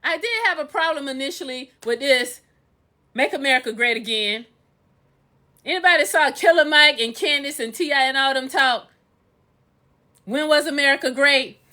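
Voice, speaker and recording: A woman's voice: high voice, moderate pace, pauses often, pushed and bright. A woman talking casually to her viewers on a phone livestream, emphatic and full of sing-song repetitions. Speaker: livestreamer and real estate instructor.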